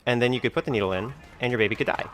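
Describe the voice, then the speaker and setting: A man's voice: mid-range voice, very fast, fairly bright tone, soft background music. A man talking in a rambling vlog monologue, full of fillers like "like" and "you know". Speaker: video creator being reacted to.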